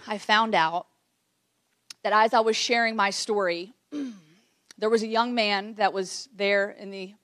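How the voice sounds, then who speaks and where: A woman in her late thirties gives an emotional, earnest keynote speech to a live audience in an event room, repeating phrases for emphasis. Her medium-pitched voice is a bit bright, and the recording is dry and studio quality.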